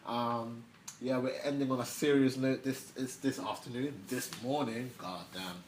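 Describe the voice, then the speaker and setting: A man's voice: mid-range voice, moderate pace. A young man hosting a news vlog, giving casual news commentary in a slangy, chatty way with offhand asides. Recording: echoey room, faint background noise.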